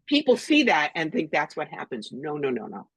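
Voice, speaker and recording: A woman's voice: low voice, huge pitch swings, moderate pace, husky, no echo, low-quality recording. An older woman from New York, a psychic medium being interviewed, talking bluntly and animatedly and acting out other people's voices. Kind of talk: storytelling interview talk.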